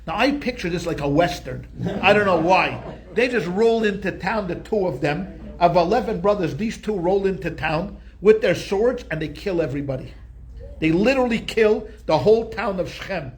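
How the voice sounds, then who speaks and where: A male rabbi teaching a Torah class, telling the story in an animated, conversational way with frequent restarts. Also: high voice, normal speed.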